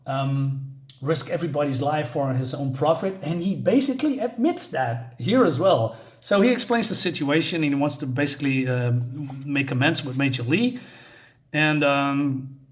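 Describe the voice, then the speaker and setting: A man casually walking through a comic book issue, rambling with frequent fillers and restarts. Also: medium pitch.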